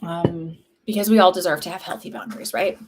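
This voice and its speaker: A woman talking casually on a livestream as a psychic medium, chatty and warm, with lots of "like" fillers. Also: fairly low pitch, steady tone, a little fast, crowd noise. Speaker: psychic medium hosting live readings.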